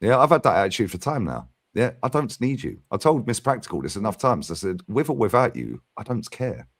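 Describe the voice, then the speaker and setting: Forties bloke, fan-channel host, blunt and unfiltered, lowish voice. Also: male voice, very animated, a little fast, no room sound, studio quality. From London. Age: 40s. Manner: blunt and sweary, keeps tagging "yeah?". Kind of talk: casual football podcast chat.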